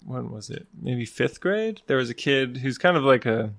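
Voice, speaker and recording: A man's voice: medium pitch, expressive, normal speed, a bit bright, no echo, clean studio sound. A man on a podcast who answers in casual chat, hesitant and unsure of himself.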